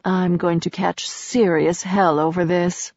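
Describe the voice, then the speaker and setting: A woman voicing a commanding, wry goddess with a cool, curt, lower delivery, in a storybook reading. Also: little pitch movement, slow pace, darkish tone, no echo. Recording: slightly dull dry recording.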